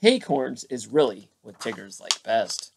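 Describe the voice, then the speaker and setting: Male storybook narrator, middle pitch, lively bedtime read-aloud. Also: unhurried, gravelly, noisy background. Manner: lively, voices each character.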